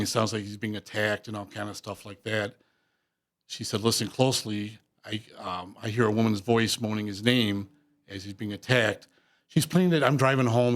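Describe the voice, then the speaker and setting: A man, a paranormal investigator, telling a spooky story in a casual radio interview, halting and full of restarts. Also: lowish voice. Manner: halting, many restarts and fillers. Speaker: paranormal investigator and police officer.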